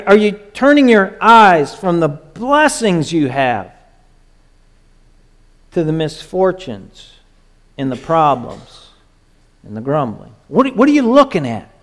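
A man preaching a sermon, moving between hushed, soft lines and raised, urgent pleading. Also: fairly high pitch. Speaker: pastor.

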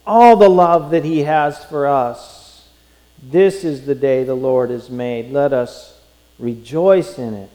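A man preaching a sermon, emphatic and rising to near-shouts in his pleas. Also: high voice, big-room sound, rough recording. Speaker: pastor.

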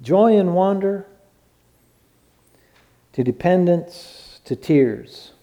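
A man preaching a sermon as pastor, swinging from loud exclaiming to hushed words. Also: a little high, expressive, measured pace.

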